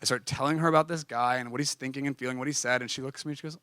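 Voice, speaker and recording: A young adult man preaching, telling a personal story in an animated, confessional way and acting out dialogue. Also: medium pitch, rapid-fire, few pauses, no room sound. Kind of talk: storytelling sermon.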